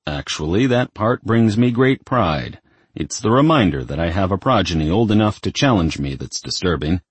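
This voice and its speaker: A man's voice: low voice, expressive, moderate pace, husky, no echo. A man voicing the devil as a smug, menacing male demon king.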